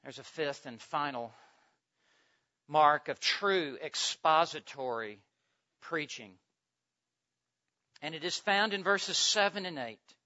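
A man preaching an expository sermon with an emphatic, repetitive cadence, swinging from hushed lines to loud ones. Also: on the high side, animated, takes it slowly, long pauses. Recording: dull lo-fi recording.

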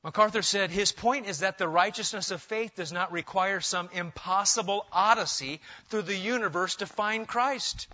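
High, bright-voiced man preaching a sermon. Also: moderate pace, few pauses. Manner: animated preaching, swinging between loud emphasis and quiet asides. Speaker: pastor. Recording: dull, lo-fi sermon recording.

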